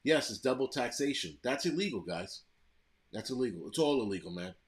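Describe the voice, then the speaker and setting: Us guy cussing a lot on his live chat, blunt ranty talk, mid pitch. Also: sing-song, fairly quick. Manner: blunt, profane ranting with laughs. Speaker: livestream host reading chat. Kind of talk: profane casual live chat.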